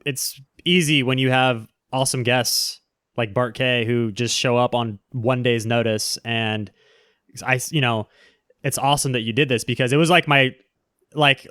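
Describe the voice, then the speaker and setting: A man hosting a live stream, chatting casually and warmly thanking viewers for donations. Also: medium pitch, steady tone, normal speed, clear, resonant tone, dry recording, studio quality.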